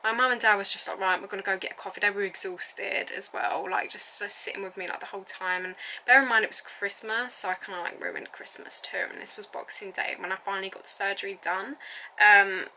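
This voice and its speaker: Woman, twenties, bright and chatty, giggly rambling vlog storyteller. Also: mid-range voice, steady tone, fairly quick, a little hiss or hum, rough recording. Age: 20s. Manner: rambling, lots of fillers and likes, giggly. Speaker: vlogger. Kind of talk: casual storytelling.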